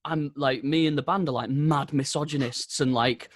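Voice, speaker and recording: A man hosting a casual podcast, animated and swearing while he acts out what people say to him. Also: on the high side, normal speed. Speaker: podcast host.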